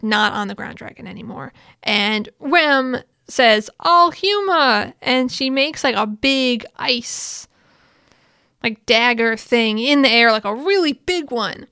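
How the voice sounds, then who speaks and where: A woman casually recapping an anime episode in an excitable, chatty way, full of fillers. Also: fairly high pitch, measured pace, smooth, no echo, studio quality. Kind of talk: casual chat.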